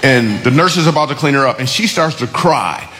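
Fast-talking joking male comedian. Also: mid-range voice, lively intonation, big-room sound, background noise. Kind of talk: storytelling on radio.

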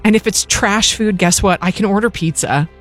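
A woman's voice: mid-range voice, faint music behind. Candid, laughing woman radio co-host. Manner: candid, earnest, quick to laugh. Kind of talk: Christian radio talk chat.

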